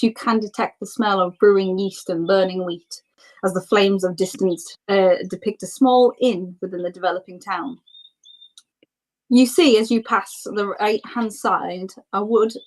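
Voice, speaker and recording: A woman narrating scenes as game master of a tabletop role-playing game, descriptive and relaxed. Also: mid-range voice, low-quality recording.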